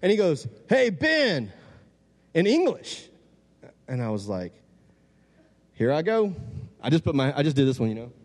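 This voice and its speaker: A man's voice: medium pitch, fast talker. A man from Louisiana, telling a funny story to an audience from the stage and acting out the voices. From Louisiana, USA. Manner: animated, joking, acts out quoted voices. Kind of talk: humorous storytelling talk to an audience. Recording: long hall reverb.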